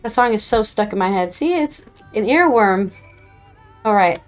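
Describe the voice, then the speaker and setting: A woman's voice: mid-range voice, expressive, normal speed. A woman streaming a video game, chatting casually and joking with a playful manner. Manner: playful, joking, laughs often. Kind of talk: casual gaming stream commentary. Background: faint game music.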